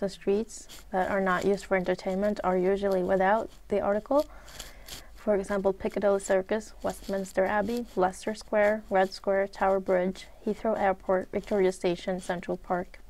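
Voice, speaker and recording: A woman with a Swedish accent, a native Swedish speaker, giving a recorded English grammar lesson. She talks in a measured way, lists examples one by one, and often pauses with "uh". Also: medium pitch, level tone, darkish tone. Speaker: English teacher.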